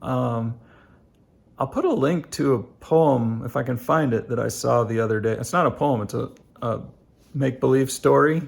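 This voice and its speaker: Gravelly, earnest middle-aged man. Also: mid-range voice. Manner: halting, many fillers and restarts; earnest, addresses viewers directly. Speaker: family life vlogger. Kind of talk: casual reflective monologue.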